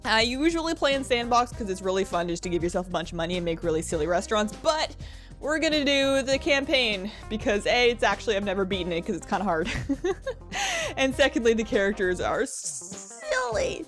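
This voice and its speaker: A woman's voice: fairly high pitch, sing-song, a little fast, a bit bright. A woman giving let's play commentary, bubbly, giggly and self-mocking. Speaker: game streamer. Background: game music.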